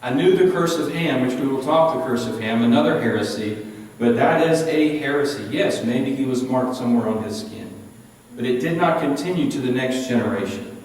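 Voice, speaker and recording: A man's voice: medium pitch, normal speed, darkish tone. A man with a West Virginian accent, a pastor teaching a Bible study in an earnest, conversational way. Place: large church sanctuary. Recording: echoey hall, mic at a distance.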